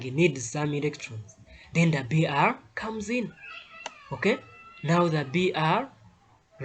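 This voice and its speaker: Slow, emphatic chemistry teacher. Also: male voice, high voice. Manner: emphatic, repeats key points with tag questions like "eh?" and "okay?". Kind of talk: recorded chemistry lesson.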